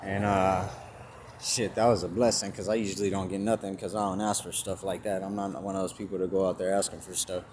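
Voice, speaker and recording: Low-voiced guy vlogging outside, acting out both sides of the talk, traffic noise all around. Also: fairly quick. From California. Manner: animated retelling, acts out both sides of dialogue, swears. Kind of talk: casual storytelling to camera. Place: outdoors at a store parking lot. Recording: noisy outdoor recording with passing traffic.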